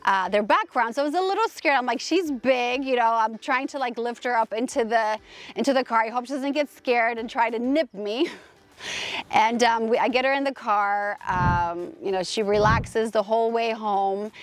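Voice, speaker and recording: A woman's voice: on the high side, normal speed. Gushing woman telling a rambling story. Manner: rambling, full of restarts and fillers; emphatic, gushing. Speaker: host. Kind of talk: casual personal storytelling.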